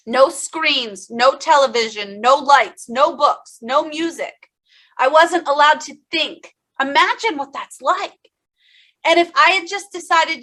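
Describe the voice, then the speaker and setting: A woman speaking to an audience as a keynote speaker, with a high voice. Her tone is bright and forceful, and she tells her story with passion, turning often to talk to the listeners directly. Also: measured pace. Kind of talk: motivational speech.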